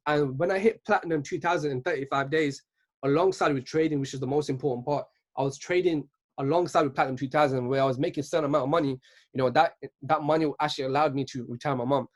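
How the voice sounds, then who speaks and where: A young man in his twenties delivers a motivational talk, pitched a bit high and pouring the words out quickly. He speaks earnestly and keeps tagging his points with a questioning "right?". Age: 20s. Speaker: speaker at a virtual business event.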